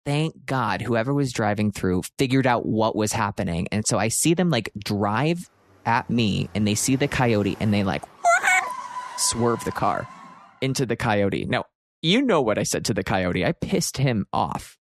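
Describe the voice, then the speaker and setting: A man from Pennsylvania, likely in his thirties, hosting a podcast and telling a story in an animated way, with sudden jumps into exaggerated quotes. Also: fairly low pitch, unhurried, no room sound. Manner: expressive, swearing, jumps into shouted quotes. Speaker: podcast host.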